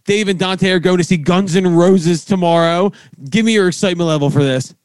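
A man's voice: high-pitched, a little fast, smooth, no echo, clean studio sound. Profane storytelling podcast host, man. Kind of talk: casual chat.

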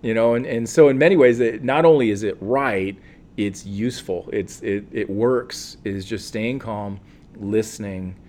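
Male counselor, interview guest, lowish voice, calm and earnest, thinks aloud with fillers. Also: unhurried. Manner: calm, earnest, reflective, with many fillers and restarts. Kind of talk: interview answer.

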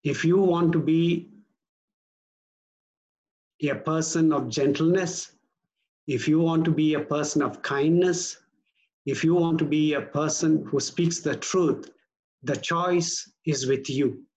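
Slow, earnest male pastor preaching. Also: a little high, steady tone, darkish tone, rough recording. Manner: measured, earnest preaching with slow emphatic stresses. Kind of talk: sermon.

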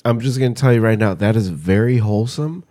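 A man's voice: on the low side, a little fast. A man co-hosting a podcast, ranting in casual chat with heavy swearing. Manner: profane, ranting, bursts into mock yelling. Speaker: podcast co-host.

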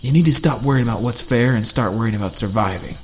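A man's voice: medium pitch, animated, fairly quick, slight background noise, close to an everyday voice. A man doing a snarling burly deserter. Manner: sarcastic, snarling. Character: big burly sarcastic man leaving the group.

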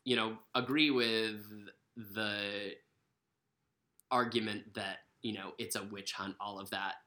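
Chatty young woman with a bright tone. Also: rumbling low, fairly even intonation, takes it slowly. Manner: chatty, rambling with fillers and self-corrections. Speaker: podcast co-host. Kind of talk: casual chat.

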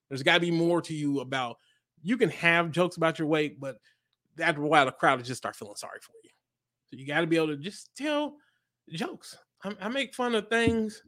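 A man's voice: on the high side, fairly quick, dry recording, clean studio sound. A man, a comedian, chatting in an interview and telling stories, acting out the voices in his jokes. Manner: animated storyteller acting out joke voices. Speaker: comedian guest. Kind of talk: casual interview chat.

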